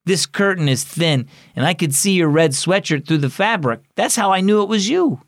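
Man doing eager kid playmate, raised high voice, lively, dry studio. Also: normal speed, no echo. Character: cheerful young boy, eager playmate. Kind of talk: storybook character voice.

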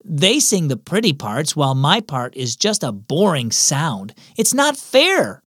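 A man doing a high, whiny little girl. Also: big pitch swings, measured pace, fairly bright tone, husky, no room sound, studio quality, exaggerated voice. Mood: sulky. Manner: whiny, pouting. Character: young girl, sulky about her dull choir part.

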